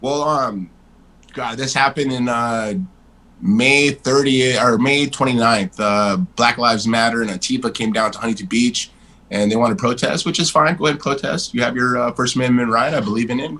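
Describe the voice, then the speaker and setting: A man in his forties, a guest in a casual interview, telling stories in a blunt, animated way and swearing freely. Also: medium pitch, normal speed, rough recording.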